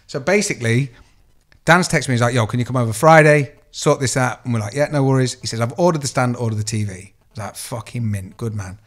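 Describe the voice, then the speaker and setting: A man's voice: mid-range voice, fast. Sweary man telling a story. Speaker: co-host. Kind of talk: casual podcast chat.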